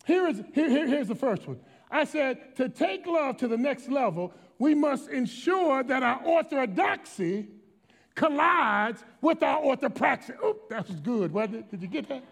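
Middle-aged preacher man from dc, real high voice, emphatic, goes from shouting to hushed storytelling. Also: lively intonation, unhurried, creaky. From Washington, D.C. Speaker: pastor. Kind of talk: preaching a sermon.

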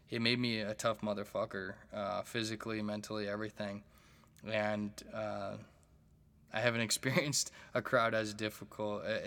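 A man hosts his own podcast and tells stand-up stories in a loose, rambling way. His voice sits low but has a bright, forceful ring. He swears freely and stumbles through restarts and fillers. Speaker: stand-up comedian and podcast host. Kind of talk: casual storytelling monologue.

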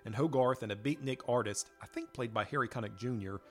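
Man, podcast co-host, casual chat, enthusiastic, rambling, ordinary pitch. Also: fast, darkish tone, faint music behind.

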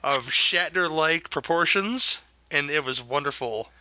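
A man with a sharp, very bright voice rambles through a casual movie review, laughing and stumbling over repeated words. The sound is dull and lo-fi. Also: fairly high pitch, lively intonation, a little slow. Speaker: podcast co-host.

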